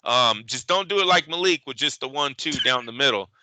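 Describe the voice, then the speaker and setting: A man's voice: mid-range voice, animated, brisk, pushed and bright, no room sound. A man co-hosting a boxing talk show, chatting casually and animatedly, swearing and acting out quotes. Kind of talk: casual podcast chat.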